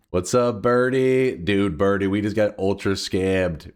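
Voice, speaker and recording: A man streaming a game, talking casually in an animated, mock-dramatic way and swearing often. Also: fairly low pitch, slow pace, clear, resonant tone. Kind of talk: casual livestream commentary.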